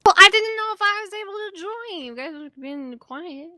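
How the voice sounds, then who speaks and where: A woman's voice: very high-pitched, animated, normal speed, sharp tone. A woman joining friends on voice chat, teasing them and giggling. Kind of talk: casual chat.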